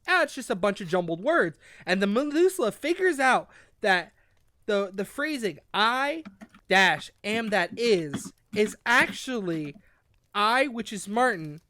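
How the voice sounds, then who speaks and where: A podcast co-host retelling a childhood fantasy book in casual chat, swearing freely and acting out the characters. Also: male voice, high voice. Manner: animated storyteller, swears often, acts out characters.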